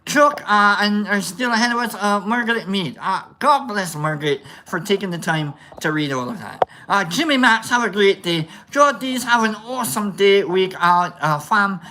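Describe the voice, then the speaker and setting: A woman's voice: medium pitch, animated, moderate pace, hardly any pauses, bright, forceful tone, slight background noise. A woman hosting a casual livestream, reading out chat in a put-on Scottish accent that keeps drifting into other accents. She rambles playfully, mocks herself and swears freely. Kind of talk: casual live-stream chat.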